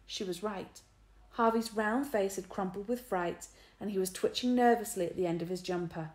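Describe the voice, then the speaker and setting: A woman's voice: mid-range voice, moderate pace, a little mellow. Woman reading a children's story aloud. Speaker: narrator. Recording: roomy echo.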